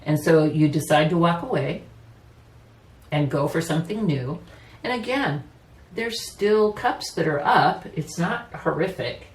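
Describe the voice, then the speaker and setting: A woman gives a casual tarot reading, chatty and personal, laughing easily and often saying "you know." Her low, expressive voice moves a little slowly. The mic sits at a distance, giving a roomy echo with faint ambience.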